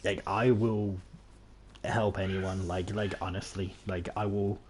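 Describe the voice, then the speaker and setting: In a low, a little mellow voice with flat delivery and a measured pace, a man from England chats casually over a game he's streaming. He rambles, makes self-deprecating remarks, and restarts often, with slight background noise present.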